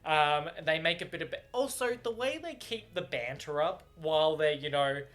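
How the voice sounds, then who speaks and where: Recorded on his camera mic with faint music in the background, a man chats about a book he's currently reading. He's giggly and bubbly, restarting often and using many fillers, in an expressive, fairly bright voice on the high side at normal speed.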